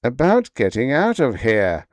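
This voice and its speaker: A man's voice: medium pitch, huge pitch swings, unhurried, no room sound, studio quality, voice pushed up. A man doing a barking, impatient pilot. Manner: barking, sarcastic. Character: tense, impatient male rocket pilot.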